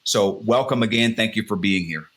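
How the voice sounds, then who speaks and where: A man's voice: lowish voice, normal speed, a bit bright. An American man hosting a podcast interview in a loose, enthusiastic, rambling chat. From United States. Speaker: podcast host.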